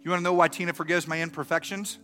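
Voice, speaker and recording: A middle-aged man preaching a sermon and telling a story. He swings from soft and earnest to loud and animated. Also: a little high, very fast, faint music behind. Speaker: pastor.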